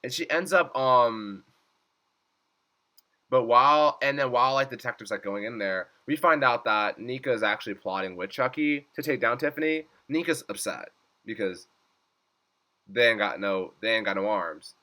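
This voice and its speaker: A young man with a very bright, forceful voice recaps a TV episode in a loose, chatty way. He leans on "like" constantly and swoops up high when he acts out what the characters said. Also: animated, normal speed. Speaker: reaction vlogger.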